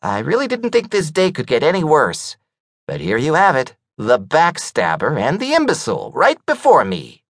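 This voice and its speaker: A man's voice: on the high side, huge pitch swings, normal speed, a bit bright, no echo, studio quality, pitched above the performer's own voice, exaggerated voice. A man voicing a pompous, self-important little rodent official who gets flustered easily. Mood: sour.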